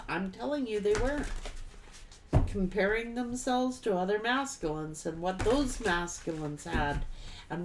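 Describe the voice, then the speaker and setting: A woman's voice: medium pitch, background noise. A middle-aged woman giving a casual tarot reading, blunt and folksy, swearing freely and laughing often. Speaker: tarot reader.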